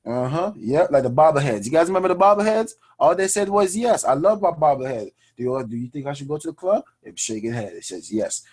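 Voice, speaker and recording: A man hosting a personal finance show, talking to his audience in an energetic, preachy way and calling them guys. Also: a little high, fast, few pauses. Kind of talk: energetic motivational money talk.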